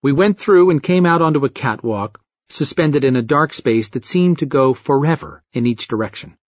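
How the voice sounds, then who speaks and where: A man narrating a first-person story in an expressive, wry way, with a husky voice. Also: medium pitch, moderate pace, no room sound. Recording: dull dry lo-fi recording.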